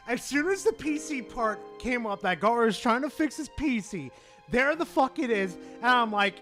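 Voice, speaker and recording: A young man streaming live, excitable and swearing, swinging from loud shouts to low mumbles. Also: moderate pace, music in the background. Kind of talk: casual live-stream chat.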